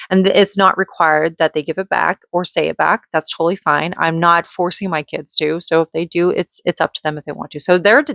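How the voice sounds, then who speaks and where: Woman, thirties, mom vlogger; gravelly, chatty, meandering, lots of fillers, dry sound. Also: low-pitched, a bit bright, dry recording. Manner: rambling with many restarts and filler "like". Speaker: vlogger and mother. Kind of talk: casual rambling vlog chat.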